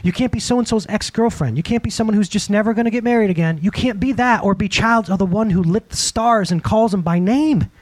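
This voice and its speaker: A man preaching a sermon to a congregation, animated and direct, often asking the listeners questions and acting out quotes. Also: high voice, husky. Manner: breaks into acted-out quotes. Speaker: pastor.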